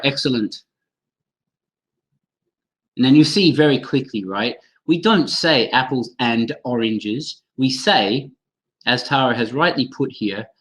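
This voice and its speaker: A man hosts a live webinar for teachers, talking with lively enthusiasm. He calls on attendees by name and models phrases aloud to demonstrate them. He sounds like he's speaking into a computer mic on a video call. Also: mid-range voice, poor audio. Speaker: teacher trainer hosting a webinar.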